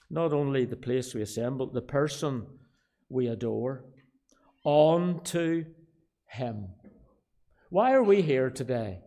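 A man with a Belfast accent preaching a sermon, shifting from quiet asides to loud, emphatic declarations and repeating key phrases. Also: fairly high pitch, vocal fry. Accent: Northern Irish, Belfast. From Northern Ireland. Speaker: pastor.

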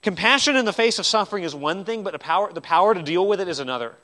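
A man preaching a sermon in an earnest style, swinging between loud, emphatic lines and quiet ones, and repeating words as he restarts. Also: high-pitched, lively intonation, rapid-fire. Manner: earnest preaching with sweeping rises and drops in loudness. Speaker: pastor.

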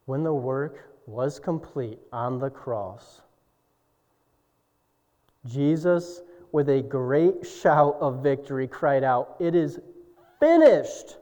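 A young adult man preaching a sermon as pastor, swinging from hushed, quiet passages to booming exclamations. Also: slow pace. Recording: dull echoey hall sound.

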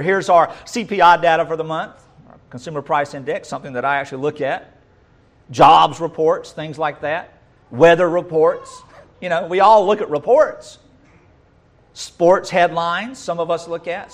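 A man preaching a sermon with emphatic delivery, repeating rhetorical questions to drive points home. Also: a little high.

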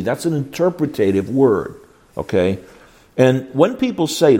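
An older man lectures to a class in a folksy, emphatic way, stumbling into restarts as he goes. His voice sits at a middling pitch for a man but leaps and swoops with lively energy. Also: fairly quick. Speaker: Bible teacher. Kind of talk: classroom lecture on biblical counseling.

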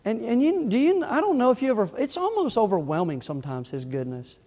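A middle-aged male pastor preaching a sermon in church, impassioned, rising loud and falling soft. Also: very high-pitched, very animated, fast talker, big-room sound. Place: church sanctuary.

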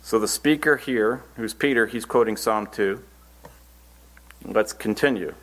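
Man preaching, fairly low voice, reads verses then explains, earnest, plain delivery. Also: a little slow, fairly bright tone. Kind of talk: Bible teaching sermon.

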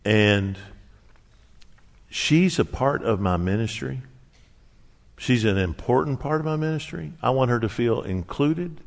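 A middle-aged man preaching a sermon, telling a personal story with earnest warmth and acting out quoted dialogue. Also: medium pitch, a little slow, vocal fry, long pauses. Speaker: pastor. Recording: reverberant hall.

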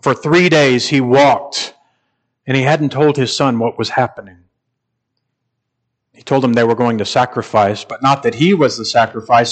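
A man's voice: medium pitch, steady tone. Earnest male pastor preaching a sermon. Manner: earnest, builds to emphatic passages; measured, with pauses and repeated phrases.

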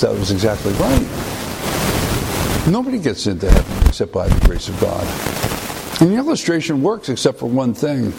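A man preaching a conversational sermon, often pausing and restarting phrases. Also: medium pitch, huge pitch swings, creaky, very noisy.

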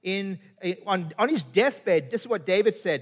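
A middle-aged man with a high voice preaches a sermon. He is from Canada, and he quotes scripture as he goes and keeps asking his listeners rhetorical questions. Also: expressive, moderate pace, hardly any pauses, slightly rough. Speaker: pastor.

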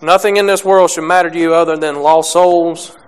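A young man preaching a sermon, halting with many restarts and fillers, reading scripture and speaking plainly about faith. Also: fairly high pitch, fairly even intonation, clean tone.

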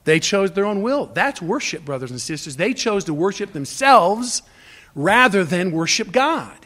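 A man's voice: high voice, sing-song, normal speed, fairly bright tone. A man preaching an expository sermon as a pastor, earnest and emphatic, often restarting his phrases. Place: church stage.

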